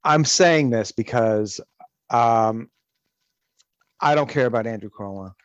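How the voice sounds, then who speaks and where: A man's voice: mid-range voice, takes it slowly, dry recording, dull audio. A man hosting a casual podcast chat, ranting animatedly and profanely with frequent restarts. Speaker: podcast host.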